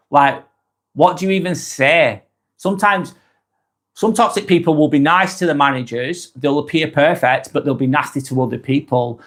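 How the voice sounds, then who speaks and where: A man with a somewhat high voice talks through a motivational livestream in an unscripted, casual way. He circles back on himself, repeating single words and short phrases to press a point home.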